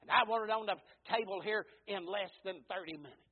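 A preacher doing a grumpy old husband. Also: male voice, high-pitched, brisk, breathy edge. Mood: demanding. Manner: curt, demanding. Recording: tinny phone-like lo-fi sound.

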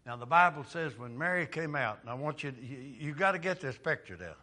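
A man preaching a sermon dramatically, dropping quiet and then rising to loud, impassioned cries. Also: fairly high pitch, lively intonation, fairly quick. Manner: dramatic, swings from quiet to shouting.

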